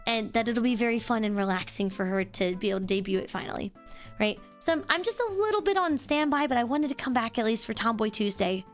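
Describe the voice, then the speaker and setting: A woman live-streamer chatting casually with her viewers, bubbly and excitable, breaking into squeals. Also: high voice. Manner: bubbly, squeals and sing-song greetings.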